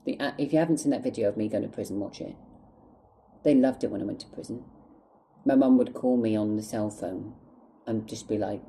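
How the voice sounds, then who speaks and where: A man's voice: fairly low pitch, fairly quick, warm tone, slight background noise, low-quality recording. A man telling a story to the camera in an angry, emotional way, swearing a lot and close to tears. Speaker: vlogger. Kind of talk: storytime vlog monologue.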